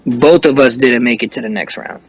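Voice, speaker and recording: A man's voice: medium pitch, moderate pace, slightly rough, low-quality recording. A young man, a rapper telling a story as an interview guest in casual chat, cursing often and restarting his sentences. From New York.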